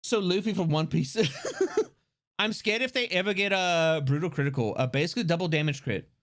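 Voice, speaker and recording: Lively, rambling livestream chatter. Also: mid-range voice, normal speed. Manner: rambling, full of fillers and restarts; excitable, laughs often. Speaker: streamer. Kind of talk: casual livestream chat.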